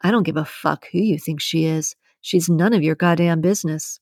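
A protective, hot-tempered young boyfriend who barks his threats, as a woman reads him in a low voice. The sound is dry and close, with no echo. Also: moderate pace, darkish tone. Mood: angry. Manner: barking, angry.

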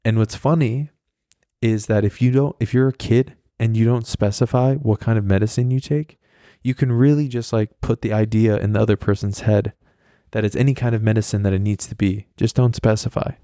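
A podcast host tells a rambling, profane story on his own, laughing at himself as he goes. His voice is on the low side, steady, brisk and mellow. The sound is clean studio audio with no room sound.

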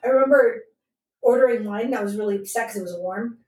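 A woman's voice: a little high, a little mellow. Upbeat woman, slightly off-mic. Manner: enthusiastic, quick to laugh, frequent "you know" and "like". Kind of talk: casual chat. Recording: roomy echo, a little far from the mic.

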